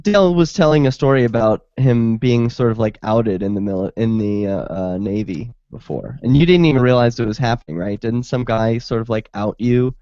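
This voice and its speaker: A man's voice: mid-range voice, normal speed, few pauses, mellow, no echo. A man hosting a casual talk show, chatting, asking probing questions and reading out listener comments. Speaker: show host. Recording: dry, dull lo-fi sound.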